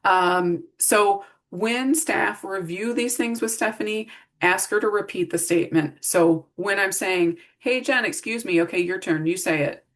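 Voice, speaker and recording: A woman's voice: mid-range voice, steady tone, measured pace. A middle-aged woman giving a casual training talk to care staff, walking through practical strategies and acting out example phrases. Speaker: behavior support trainer. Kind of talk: recorded staff training presentation.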